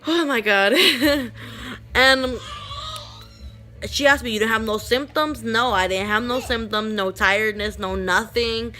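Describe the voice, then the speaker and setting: A woman's voice: a little high, unhurried, pushed and bright, soft background music. A young woman telling a personal story to the camera in a rambling, emotional way, raising her voice when she quotes others. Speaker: vlogger.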